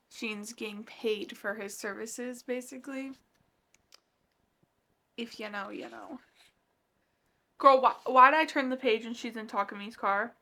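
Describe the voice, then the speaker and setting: A young woman in her twenties talks through a manga as a book vlogger, gushing and reacting with animated excitement. Her voice is bright and sits a little high. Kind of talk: casual reading vlog.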